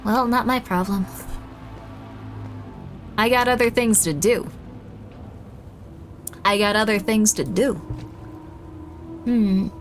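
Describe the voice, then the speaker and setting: A woman's voice: medium pitch, slow pace, long pauses, faint music behind. Rambling young woman streamer. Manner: rambling, self-deprecating, bursts into panicked shrieks. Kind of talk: casual gameplay commentary.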